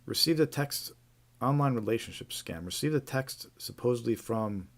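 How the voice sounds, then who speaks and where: A man's voice: mid-range voice, animated, normal speed. A man hosting a live stream, casually reading out reports with frequent fillers and restarts. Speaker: host.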